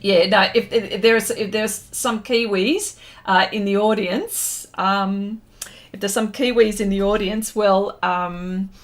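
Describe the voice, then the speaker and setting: Painting during a live stream, an Australian woman who works in pastels talks casually with her audience, reading out their comments and thanking them. She speaks slowly with a medium pitch and steady tone.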